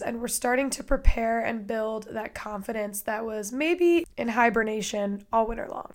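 A woman hosting a podcast with a hoarse, raspy voice from losing it, chatting casually and gushing upbeat about her guests. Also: fairly high pitch, a little mellow. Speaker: podcast host. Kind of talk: casual podcast intro monologue.

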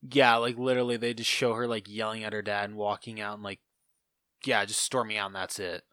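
A man's voice: on the low side, level tone, brisk, bright, forceful tone, no room sound, studio quality. A man co-hosting a podcast in casual chat, easygoing and agreeable, laughing often. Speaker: podcast co-host.

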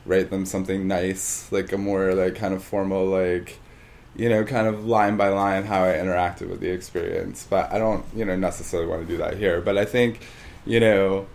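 A man's voice: sits low, flat delivery, normal speed, vocal fry, darkish tone. A man co-hosting a podcast in casual chat, rambling and hesitant with many fillers. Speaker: podcast co-host.

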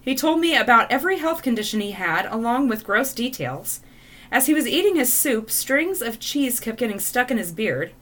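A woman's voice: on the high side, moderate pace. A woman co-host reading dating stories aloud and reacting with laughter. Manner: expressive, laughs often.

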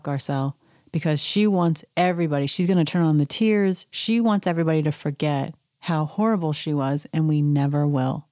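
A woman's voice: low-pitched, moderate pace, warm tone, no echo, studio quality. A woman recapping a reality show at home, indignant and sarcastic, mocking the cast in put-on voices. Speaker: podcast recap host. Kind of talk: casual chat.

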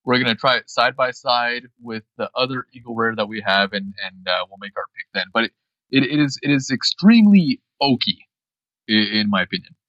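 Casting: male co-host, bright forward voice, dull lo-fi remote audio, halting casual delivery. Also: medium pitch, lively intonation, no echo. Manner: halting, restarts often, laughs easily. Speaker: podcast co-host. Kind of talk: casual chat.

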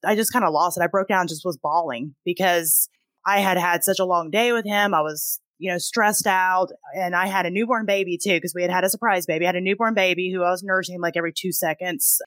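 A woman's voice: fairly low pitch, steady tone, fairly quick, a bit bright, dry recording. A woman in her thirties, a mother and podcast guest, explaining things earnestly. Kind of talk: casual panel chat.

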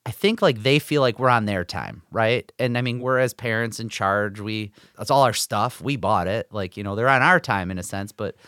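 A man's voice: lowish voice, normal speed, hardly any pauses, fairly bright tone, no echo, studio quality. A man in his forties co-hosting a podcast, telling stories in a rambling, filler-heavy casual chat. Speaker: podcast co-host.

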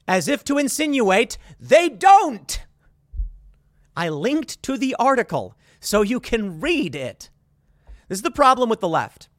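A man's voice: very high voice, sing-song, unhurried, a bit bright, no room sound, studio quality. A man in his thirties hosting a commentary show, talking in a sarcastic, exasperated, rambling way with frequent restarts. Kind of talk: opinion commentary monologue.

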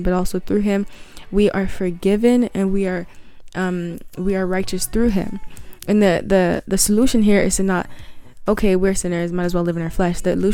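A woman's voice: medium pitch, dark tone, smooth, no echo. A young woman hosting a casual Christian podcast, talking earnestly and bluntly with slang and restarts, a little tired. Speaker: podcast host.

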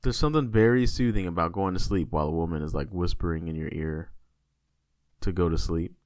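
A man with a lowish voice, co-hosting a casual podcast and chatting in a loose, joking, rambling way. The recording is dry and a little dull. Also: a little fast, a little mellow, no room sound. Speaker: podcast co-host. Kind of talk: casual chat.

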